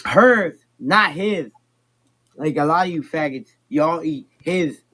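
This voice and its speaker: A man doing an exaggerated Boston accent as a loud beer-ad pitchman, heard in a noisy clip. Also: lively intonation, slow pace, full character voice. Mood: crude boasting. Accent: Boston put-on.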